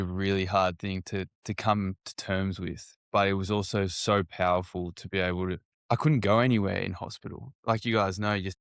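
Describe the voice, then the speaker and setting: A man with a lowish voice tells his story earnestly, stopping and repeating words as he goes. The sound is dry and close, like a podcast studio. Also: fairly bright tone, dry recording. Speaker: podcast guest. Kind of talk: reflective personal story.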